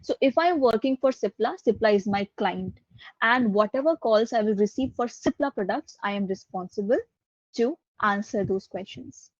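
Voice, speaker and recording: Guest-lecturing for an online course, a woman with an Indian English accent breaks things down step by step and circles back to her main points. Her fairly high voice moves at normal speed, with no room sound on a dull, lo-fi, dry recording.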